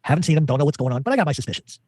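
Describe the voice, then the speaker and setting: A man's voice: a little high, sing-song, very fast, a little mellow, husky, no room sound. A man telling a long rambling story as an interview guest, full of fillers and quoted dialogue.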